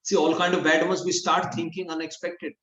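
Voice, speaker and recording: A man with a somewhat high voice tells a scripture story in an easygoing class style. He restarts his sentences often and slips into lively quoted voices. The sound is roomy and dull, like a lo-fi room recording. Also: brisk. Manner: conversational, with frequent restarts and lively acted quotes.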